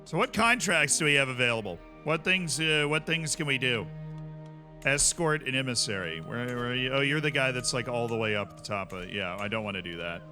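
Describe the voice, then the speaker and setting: A man's voice: mid-range voice, expressive, fairly quick, pushed and bright, soft background music. A man streaming a strategy game, chatting casually with his viewers in a self-mocking way over a headset mic. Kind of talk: livestream gaming commentary.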